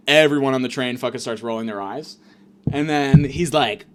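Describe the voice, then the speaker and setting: A comedian host with a medium-pitched voice rants fairly quickly through a rambling, profane comedic monologue full of fillers and restarts.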